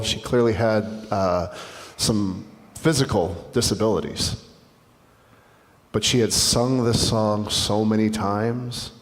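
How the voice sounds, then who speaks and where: A man in a church sanctuary, a pastor whose lowish voice carries a long hall reverb. He speaks earnestly and reflectively in a conversational dialogue sermon, circling back and restarting his sentences as he goes.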